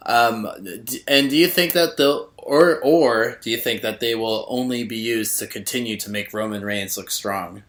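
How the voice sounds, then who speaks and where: Male podcast co-host, middle pitch, animated, casual, recorded with roomy echo. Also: moderate pace, hardly any pauses. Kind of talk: casual chat about wrestling.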